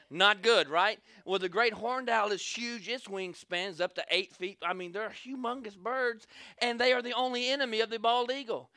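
High, bright-voiced male preacher. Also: normal speed, dry recording. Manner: animated, calls for amens, acts out scenes. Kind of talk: sermon with storytelling.

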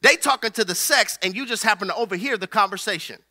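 A man's voice: high-pitched, fast talker, sharp tone. A man preaching a sermon who builds rhythmic repetitions and calls on the congregation to respond.

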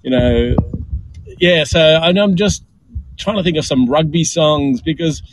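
Excitable Australian man, casual chat. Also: fairly high pitch, measured pace, no echo, poor audio. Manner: enthusiastic, repeats words when excited.

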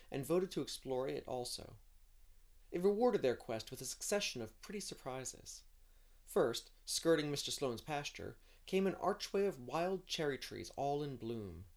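A man reading a classic novel aloud in an expressive way, now and then adding a playful aside of his own. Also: mid-range voice. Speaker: audiobook reader.

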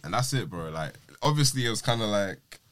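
A man's voice: fairly low pitch, lively intonation, a little fast. A man telling a story in casual podcast chat, laughing often and using slang. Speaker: podcast co-host.

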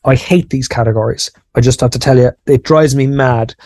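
A man's voice: medium pitch, fairly quick, a little mellow. An Irish man co-hosting a podcast, talking casually and self-deprecatingly, explaining ideas with lots of restarts. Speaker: podcast co-host.

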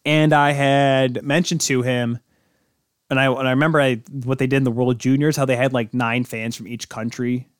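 A man's voice: mid-range voice, flat delivery, normal speed, smooth, no room sound, clean studio sound. A man hosting a sports podcast, talking casually on his own in a rambling, joking way and correcting himself as he goes. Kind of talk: casual solo sports talk.

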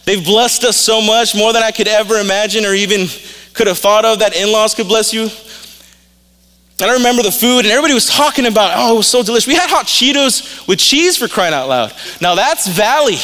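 A man's voice: high-pitched, pushed and bright. A male pastor preaching a sermon in a casual, storytelling way, openly emotional. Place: church sanctuary. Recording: reverberant hall.

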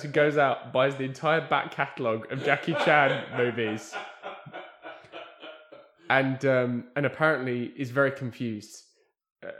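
A man's voice: mid-range voice, a bit bright. A man telling a story in casual chat, rambling and correcting himself as he goes. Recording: echoey room.

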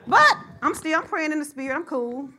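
A high, bright-voiced middle-aged woman preaches a sermon. She draws the congregation in with call and response, tells a story from her own life, and climbs into loud shouts. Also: very animated, fairly quick.

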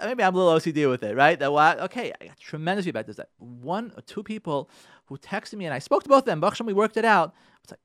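A man, a rabbi on a radio show, urging his listeners in an impassioned talk, repeating his key points and swinging from loud pressing to soft pleading. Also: fairly high pitch, dry recording, studio quality.

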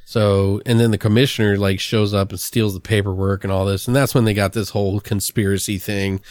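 A man's voice: fairly low pitch, a little fast, dry recording. A man casually recapping a horror movie on a podcast, swearing often, quoting lines from it and cracking himself up. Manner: profane, animated storytelling with quoted character lines and big laughs.

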